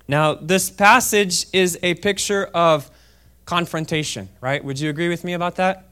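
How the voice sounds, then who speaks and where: High-voiced smooth preacher man. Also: moderate pace. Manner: chatty, checks in with "okay?" often; swings from quiet asides to loud fervent reading. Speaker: guest preacher. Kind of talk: sermon with scripture reading. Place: church service.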